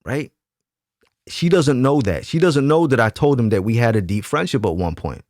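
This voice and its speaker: A man's voice: mid-range voice, expressive, normal speed, a little mellow, dry recording. Emphatic man telling a story, dry sound. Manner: emphatic, keeps asking "right?". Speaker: YouTube commentator. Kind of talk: casual storytelling monologue.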